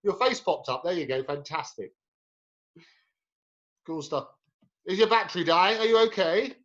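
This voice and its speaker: Male talk-show host, high voice, upbeat and brisk, dull lo-fi audio. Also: lively intonation, fairly bright tone. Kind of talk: interview hosting.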